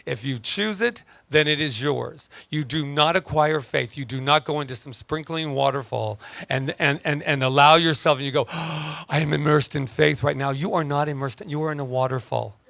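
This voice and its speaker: A man's voice: a little high, moderate pace, vocal fry, hardly any pauses, bright, forceful tone, no room sound. A man preaching a sermon as a minister, joking in a conversational way and then turning emphatic. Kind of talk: playful sermon. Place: church service.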